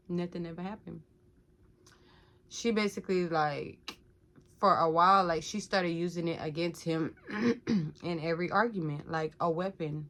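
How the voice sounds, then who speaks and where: A young woman candidly telling her own life story to her viewers, talking casually with lots of filler words and calling out to them directly. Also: deep voice. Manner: casual, addresses viewers as "y'all", many "like" fillers.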